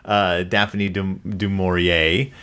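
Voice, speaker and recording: A man's voice: sits low, flat delivery, slow pace, pushed and bright, smooth. A man hosting a casual movie-review chat with his kid, rambling and joking with lots of fillers. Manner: rambling, jokey, many fillers. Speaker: podcast host, father.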